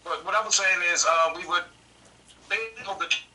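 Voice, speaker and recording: A man's voice: sits high, a little fast, pushed and bright, recorded from a distance, low-quality recording. A man speaking as a campaign manager on a political podcast, earnest, often repeating and restarting his words.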